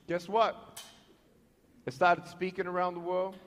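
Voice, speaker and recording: High-pitched australian guy telling a motivational story, very animated, lots of long echo from a big hall. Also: measured pace, long pauses. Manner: animated storytelling with sound effects and acted-out dialogue. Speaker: motivational speaker. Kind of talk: motivational speech. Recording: echoey hall reverb.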